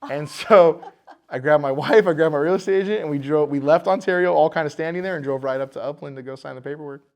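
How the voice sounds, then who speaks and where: A man's voice: a little high, fast talker. Guy who owns a bar telling his story on a podcast, does the voices when he quotes people. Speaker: bar owner, podcast guest. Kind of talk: casual storytelling interview.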